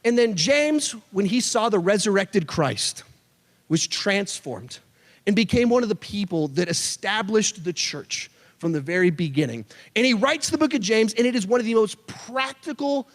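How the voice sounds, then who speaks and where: A youth pastor delivers a sermon with a light, high-pitched voice that swoops up and down as he tells his stories. He keeps it animated and throws in joking asides. The sound rings with the long reverb of a big church hall. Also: normal speed. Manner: animated storyteller, jokey asides. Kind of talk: sermon to a student audience.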